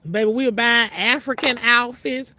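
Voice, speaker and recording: A woman from Mississippi calls someone out to her viewers in a brash, profane, confrontational rant. Her voice sits a little high and comes across bright and forceful. She is talking outdoors. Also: steady tone, normal speed, a little hiss or hum. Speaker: vlogger. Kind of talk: ranting call-out vlog to viewers. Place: outdoors outside her trailer.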